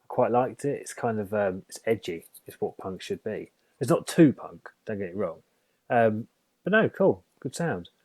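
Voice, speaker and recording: A man's voice: lowish voice, lively intonation, normal speed, a little mellow, no room sound. A man presenting a local radio music show in a chatty, self-deprecating way.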